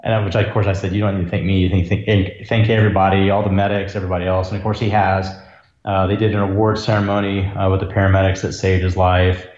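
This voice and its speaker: Earnest low-voiced doctor, roomy sound. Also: male voice, level tone, fast talker, a little mellow, dull audio. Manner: earnest, reflective, emotional at times. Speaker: ER physician, podcast guest. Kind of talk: conversational storytelling.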